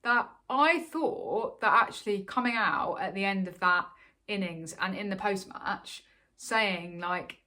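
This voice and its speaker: A woman's voice: medium pitch, a little slow, bright, forceful tone. A woman co-hosting a cricket podcast, talking casually with lots of fillers and restarts. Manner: chatty, many fillers and restarts. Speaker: podcast co-host.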